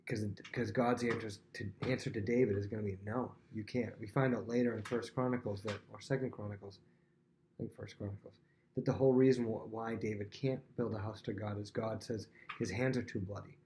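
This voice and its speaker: A man's voice: lowish voice, a little fast, a little hiss or hum. Chatty man teaching a Bible lesson. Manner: chatty, acts out dialogue with animated voices; many fillers and restarts, conversational.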